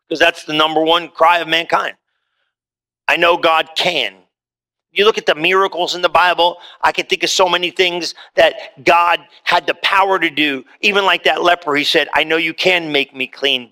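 A man preaching a sermon to a congregation, talking casually and swinging between loud quoted scripture and soft, low asides. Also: steady tone, normal speed. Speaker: pastor. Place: church in front of a congregation.

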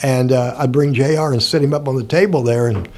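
A man's voice: medium pitch, steady tone, brisk, darkish tone. An older man from Indiana, telling stories from his life in a rambling, casual way and chuckling often. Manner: rambling, chuckles often, acts out quoted people. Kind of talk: casual storytelling.

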